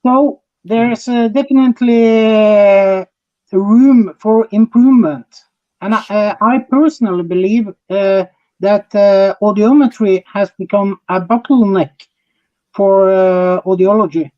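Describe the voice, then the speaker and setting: A man from Norway with a Norwegian accent, a podcast guest who answers in a halting, thoughtful way. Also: high voice. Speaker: podcast guest, audiology innovator. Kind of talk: casual interview answers. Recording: dull, muffled remote audio.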